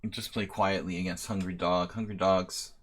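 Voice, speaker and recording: A man's voice: low voice, flat delivery, moderate pace. A man in his late thirties giving rambling, self-deprecating live-stream commentary while playing many chess games at once. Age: 30s. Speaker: chess master giving a simul.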